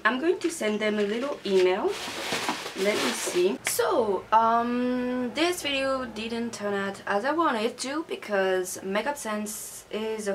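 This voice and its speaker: A woman's voice: medium pitch, fairly bright tone, a little hiss or hum. Angry young woman ranting to camera. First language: not English. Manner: angry, swearing rant. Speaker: beauty vlogger. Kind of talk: casual unboxing vlog.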